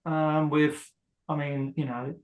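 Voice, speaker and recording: A man being interviewed, talking hesitantly with many pauses and fillers as he rambles through what happened. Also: a little high, little pitch movement, roomy sound, highs cut off. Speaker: guest, husband of a prisoner. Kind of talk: emotional interview.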